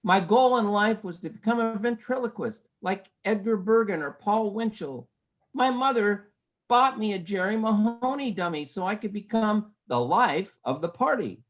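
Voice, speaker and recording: A woman reading her own poem at an online event, wry and lively, calling out counts in quoted lines. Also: mid-range voice, moderate pace, low-quality recording. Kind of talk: poetry reading. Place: home video call. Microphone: video call.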